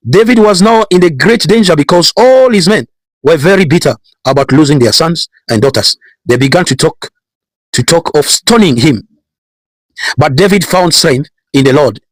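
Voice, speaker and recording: A pastor with a fairly high male voice preaches a sermon, calling out Bible verses while repeating phrases and building emphasis higher and higher. The recording is dry and rough.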